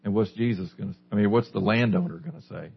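A man's voice: lowish voice, quick pace, vocal fry, husky. A man preaching a sermon, putting questions to the listeners and then answering them. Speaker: pastor. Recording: dull lo-fi recording.

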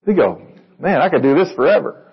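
A man's voice: fairly high pitch, big pitch swings, fairly quick, creaky, slightly rough, lo-fi sound. A man preaching a sermon to a congregation in a conversational way, reading verses and asking them questions. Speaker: pastor.

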